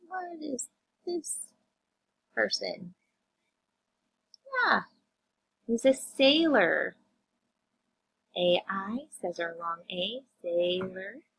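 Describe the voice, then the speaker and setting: Slow, creaky woman teaching phonics. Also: medium pitch, animated, fairly bright tone, rough recording. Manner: slow, drawn-out phonics sounding-out, addressing kids. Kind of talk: reading-lesson vocabulary review for children.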